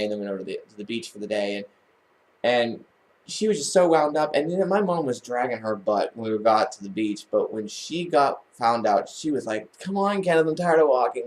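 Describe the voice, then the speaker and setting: A man vlogging, telling a personal family story in a casual, rambling way, with many restarts and false starts. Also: on the low side.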